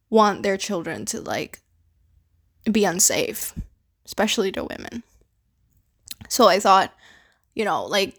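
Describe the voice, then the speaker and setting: A young woman from the Philippines, hosting a podcast, talking casually and rambling with lots of filler words and casual swearing. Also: medium pitch. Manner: rambling, heavy use of fillers like "like" and "you know". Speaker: podcast host. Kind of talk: casual personal monologue.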